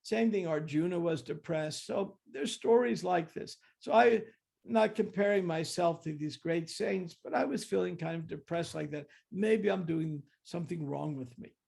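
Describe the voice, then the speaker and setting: Older guy w a gravelly voice, kinda high, telling stories and restarting a lot. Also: normal speed, a little mellow. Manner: reflective, with many restarts and acted-out quotes. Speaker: guest speaker. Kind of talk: storytelling talk.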